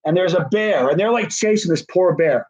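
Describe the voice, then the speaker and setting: A middle-aged man tells a personal story casually, rambling and conversational, with many fillers. His voice sits high and has a darkish tone, at a moderate pace. The recording is dull and lo-fi.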